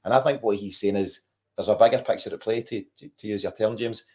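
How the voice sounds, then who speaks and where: A man hosts a relaxed podcast chat about football. He talks at a brisk clip in a fairly low voice and keeps the talk moving with questions. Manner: quick, animated, asks questions. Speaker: podcast host.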